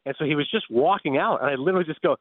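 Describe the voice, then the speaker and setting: A man telling lively anecdotes as a guest analyst, laughing as he talks, calling in on a phone hotline. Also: a little high, very fast, dry recording. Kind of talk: animated anecdote storytelling. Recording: tinny phone line.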